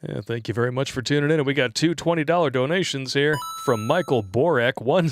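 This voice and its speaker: A man's voice: mid-range voice, brisk, few pauses, dry recording. Dry-miked joking male livestream host. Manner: joking, laughs often, reads donations aloud. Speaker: livestream co-host reading viewer comments. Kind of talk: casual livestream chat.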